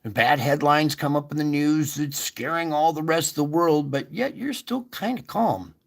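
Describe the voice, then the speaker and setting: A man's voice: on the high side, moderate pace, creaky. A man hosting an online faith show, talking earnestly and chattily, with emphatic rises and frequent restarts. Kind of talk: casual spiritual encouragement.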